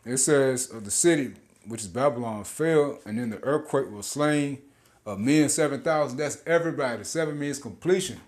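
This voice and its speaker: A man's voice: medium pitch, normal speed. Laughing, slangy man preaching scripture. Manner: casual slangy preaching, laughs often, repeats words. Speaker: street preacher. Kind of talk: informal scripture teaching.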